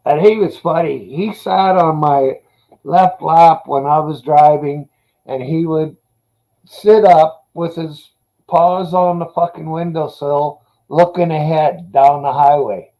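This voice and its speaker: Man, casual storyteller, mellow warm voice, easygoing and profane. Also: a little high, slow pace, rough recording. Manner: laid-back, profane storytelling. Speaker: dog owner telling stories. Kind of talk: casual chat.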